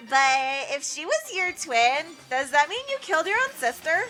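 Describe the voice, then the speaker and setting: A woman's voice: high-pitched, sing-song, normal speed, pushed and bright, faint music behind, exaggerated voice. A woman voicing an unstable teenage girl mastermind who swings between bored, cutesy and mopey tones. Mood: bored sneering. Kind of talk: fan voice-acting over a game.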